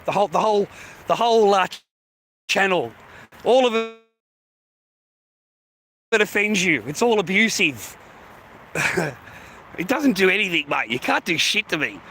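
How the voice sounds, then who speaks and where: A man's voice: sits high, sing-song, a little slow, pauses often, pushed and bright, a little hiss or hum. An Australian man griping at his live-stream chat in casual talk, swearing heavily and laughing between complaints. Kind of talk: casual livestream rant.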